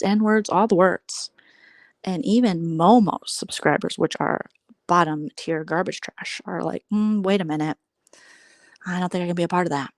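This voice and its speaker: A woman's voice: medium pitch, a little mellow, dry recording, studio quality. An American woman hosting a casual livestream, giving sarcastic, gossipy commentary on online drama and thanking viewers for super chats. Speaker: livestream host.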